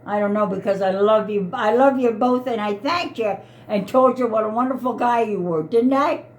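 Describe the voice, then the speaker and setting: A woman's voice: fairly high pitch, normal speed. A woman in her eighties, an elderly mother, arguing in an upset, pleading way and repeating herself. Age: 80s. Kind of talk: heated family argument.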